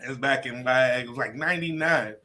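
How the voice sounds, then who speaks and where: A middle-aged comedian from Detroit telling a story in a casual interview, laughing often and cursing freely. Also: male voice, mid-range voice, a little fast, pushed and bright. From Detroit, USA. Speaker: comedian guest.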